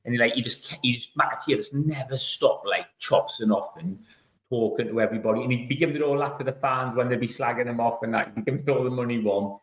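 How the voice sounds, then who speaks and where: A middle-aged man, a former footballer hosting a podcast, trading anecdotes in casual chat, his voice jumping up when he gets animated. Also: fast. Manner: chatty anecdotes, leaps up in pitch when animated. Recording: roomy echo.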